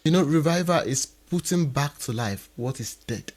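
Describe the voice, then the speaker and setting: A man appearing as a guest on a faith podcast, answering in a measured, reflective way. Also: a little high, expressive, darkish tone.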